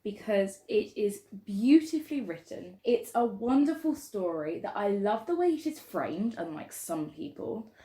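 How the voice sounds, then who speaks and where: A woman's voice: mid-range voice, very animated, unhurried, dark tone. A young woman from southern England, co-hosting a podcast in a giggly, rambling, self-deprecating way. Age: young adult. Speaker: podcast co-host. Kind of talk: casual chat. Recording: roomy echoey room.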